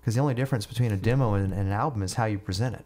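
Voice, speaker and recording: Middle-aged guy, lowish voice, rambly story chat, stumbles and repeats a lot. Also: very fast, dark tone. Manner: rambling, repeats and restarts words. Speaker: guest musician. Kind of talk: casual storytelling.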